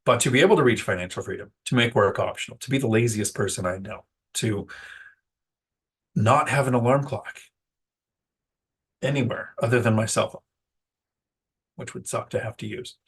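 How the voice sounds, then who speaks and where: A man's voice: medium pitch, moderate pace, long pauses, slightly rough. A man talking casually to the camera about landlord life, rambling and poking fun at himself when he loses a word. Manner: rambling and self-deprecating, loses his words. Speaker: real estate investor vlogger. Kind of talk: casual talking-head vlog.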